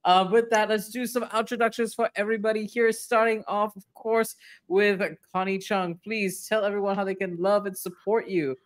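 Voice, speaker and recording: A woman hosting a tabletop talk show over a video call, excited and bubbly, apologizing for bumping her desk mic. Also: mid-range voice, moderate pace.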